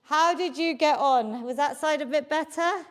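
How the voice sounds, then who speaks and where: A woman's voice: sits high, normal speed, noisy background. A woman leading a live home workout, encouraging everyone and counting the reps aloud. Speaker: fitness instructor. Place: home basement.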